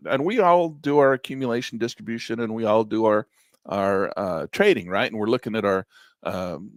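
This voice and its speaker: A middle-aged man leads a live trading class in a blunt, folksy way. His pitch rises and falls a great deal as he hammers home his points with repetition. The sound is close and dry. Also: dry recording. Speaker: trading instructor.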